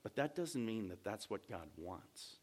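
A man pastor preaching a sermon slowly and emphatically, often rising to loud stresses. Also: lowish voice, expressive.

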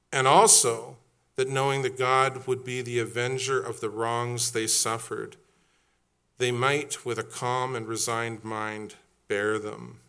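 A man's voice: mid-range voice, a bit bright, smooth. A middle-aged man preaching a sermon as pastor, telling stories casually and building to emphatic repeated questions. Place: church.

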